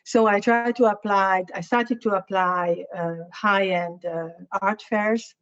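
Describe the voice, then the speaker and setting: A Hungarian-accented woman speaks at a middle pitch, telling a lecture audience about her own work in a frank, hesitant way as she hunts for the right words. Her voice is a little hoarse. The recording sounds somewhat dull and muffled. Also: steady tone, a bit bright. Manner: halting, searching for words, candid. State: slightly hoarse, clearing throat. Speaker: guest artist lecturer.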